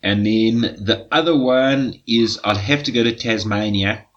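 A man co-hosting a relaxed podcast chat. His voice sits low, and he talks bluntly, swearing without a second thought. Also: measured pace, muffled recording. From South Africa. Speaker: podcast co-host, blacksmith.

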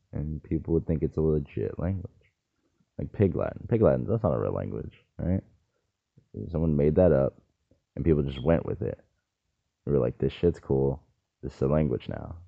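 A man's voice: extremely low pitch, gravelly. A man talking in a rambling, casual monologue, often tossing in "right?" and the odd swear word. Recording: tinny phone-like sound.

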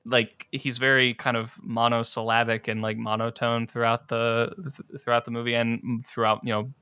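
A man co-hosting a casual film discussion, animated and full of filler words. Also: medium pitch, moderate pace, clear, resonant tone, no echo.

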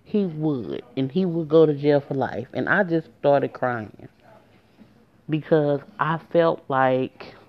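A woman's voice: low-pitched, expressive, slow pace. Woman telling a story on a muffled lo-fi recording. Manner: emotional, conversational, addresses viewers directly. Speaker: storyteller vlogger. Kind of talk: casual storytime narration. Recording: dull lo-fi recording.

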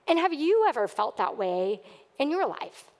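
A woman's voice: sits high, big pitch swings, moderate pace, a little mellow, in a large hall. A woman pastor preaching a sermon to her church, earnest and at times emphatic. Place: church sanctuary.

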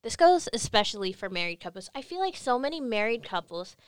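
Blunt young woman from California, higher voice. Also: sing-song, fairly quick, clean tone, dry recording, studio quality. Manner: blunt, emphatic, swears freely. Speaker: podcast co-host. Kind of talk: casual chat.

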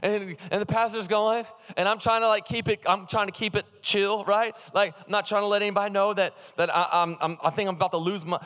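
High-voiced preacher man in echoing hall. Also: clear, resonant tone. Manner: humorous, animated, calls out to the congregation. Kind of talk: sermon with personal storytelling. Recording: long hall reverb.

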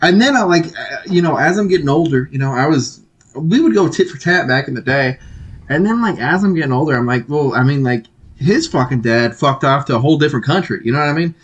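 Man, slightly high voice, very lively pitch, rambling casual podcast talk, lots of "like", a little tipsy. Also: quick pace, slightly rough, rough recording. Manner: rambling, heavy filler words, swears a lot, laughs often. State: a little drunk. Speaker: podcast co-host.

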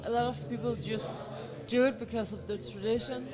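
A man speaking hesitantly in casual chat, halting with fillers. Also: very high-pitched, steady tone, over music.

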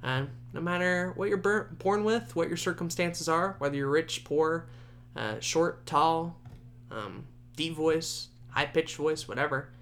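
Bright-voiced young man rambling on a podcast. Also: measured pace, slight background noise. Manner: rambling, laughs often, voice jumps high at times. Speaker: podcast host. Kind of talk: casual solo podcast chat.

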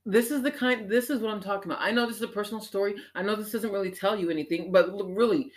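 A woman hosting a show, talking in an animated, emphatic personal monologue that swings up into exclamations. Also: medium pitch, quick pace. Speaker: podcast host.

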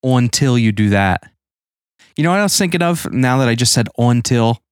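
A man's voice: mid-range voice, lively intonation, normal speed, clean tone, dry recording, studio quality. A man co-hosting a podcast in casual chat, joking and teasing over a video call. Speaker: podcast co-host.

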